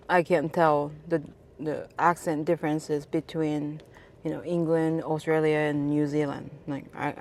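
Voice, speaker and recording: Cab driver from Japan, woman, telling a casual anecdote; slow, low, halting delivery. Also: a little hiss or hum. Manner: halting, many restarts and fillers. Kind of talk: casual storytelling to camera.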